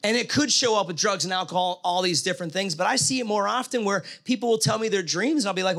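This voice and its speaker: Man, high voice, middle-aged, preaching, chatty storytelling, asks the room questions. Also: fast, few pauses, fairly bright tone. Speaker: pastor. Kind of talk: sermon.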